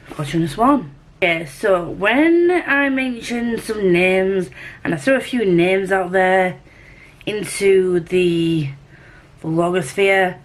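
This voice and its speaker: A young woman vlogging in a casual, rambling, animated way, poking fun at herself. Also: medium pitch. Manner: chatty, rambling, animated, self-mocking. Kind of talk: casual rambling vlog chat.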